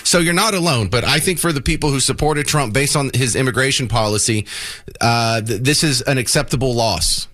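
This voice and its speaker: A man hosting a talk radio show, blunt and opinionated in quick back-and-forth. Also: mid-range voice, bright, forceful tone, no room sound, studio quality.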